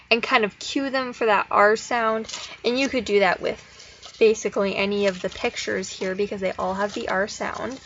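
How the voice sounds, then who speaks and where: A woman's voice: mid-range voice, fairly bright tone. Woman explaining speech practice, dull recording. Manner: casual, encouraging, slows into sing-song when modeling phrases. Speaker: speech therapy student demonstrating activities. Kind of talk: instructional explanation with modeled child-directed prompts. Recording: slightly dull audio with faint noise.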